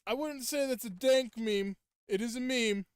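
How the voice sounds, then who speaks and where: A young man with a fairly high, smooth voice chats casually while streaming a game. He rants at his viewers in playful, mock-indignant bursts. The sound is close and dry, with almost no room around it. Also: normal speed, no room sound. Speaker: gaming streamer. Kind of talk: casual live gameplay chat.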